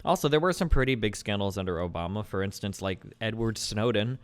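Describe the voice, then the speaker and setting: Low-voiced man arguing with many fillers. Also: expressive, smooth. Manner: talks fast with many fillers, blunt and swearing. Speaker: streamer host debating a caller. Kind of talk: casual political debate.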